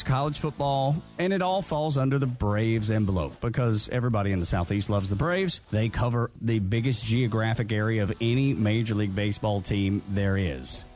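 A man from Northwest Georgia with a Southern accent, co-hosting a casual podcast in a friendly, easygoing way. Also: mid-range voice. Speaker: podcast co-host. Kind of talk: casual sports and lifestyle podcast chat.

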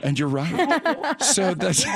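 Lively male morning radio host. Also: medium pitch. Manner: animated, jokey, acts out other voices.

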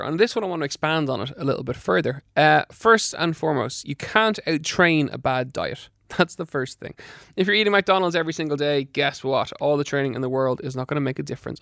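A man's voice: a little high, gravelly, fairly bright tone, no room sound, clean studio sound. A middle-aged man giving fitness and diet advice on a podcast, emphatic and practical, doubling words for stress. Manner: brisk, practical coaching. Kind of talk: advice talk to listeners.

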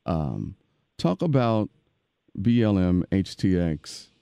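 A man hosting a podcast, talking in an animated, preachy way and often repeating himself. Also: sits low, slow, creaky, clear, resonant tone, dry recording, studio quality. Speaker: podcast host. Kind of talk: casual podcast interview.

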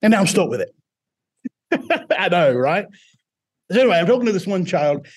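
A man's voice: high voice, big pitch swings, normal speed. A middle-aged man from Mississippi with a British-sounding accent, telling his story as an interview guest and acting out quoted voices. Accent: British-sounding accent from foreign accent syndrome. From Mississippi, US South.

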